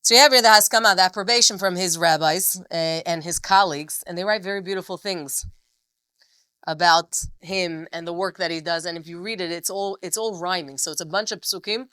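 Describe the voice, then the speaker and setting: A woman leads a text study class in a crisp, clear voice with a bright, forceful edge. She sits slightly low in pitch and reads passages aloud with feeling before explaining them, in a close, dry sound. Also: a little fast, no echo. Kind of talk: classroom lecture reading and translating a text.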